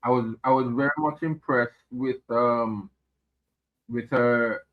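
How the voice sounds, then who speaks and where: A man giving his views as a regular guest on a political chat show, speaking in a hesitant, measured way with many fillers and repeated words. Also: mid-range voice, fairly even intonation. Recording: tinny phone line.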